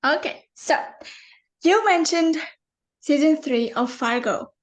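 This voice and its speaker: A woman's voice: high-pitched, slow. A woman hosting a movie podcast, asking questions with enthusiasm and plenty of fillers. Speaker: podcast host. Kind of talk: casual interview chat.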